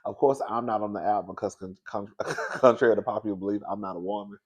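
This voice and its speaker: Man, sassy gossip host, animated, frequent laughter. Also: lowish voice, fast talker, muffled recording. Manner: animated, sassy, laughs often, calls listeners girl and baby. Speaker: commentary show host. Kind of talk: casual gossip commentary.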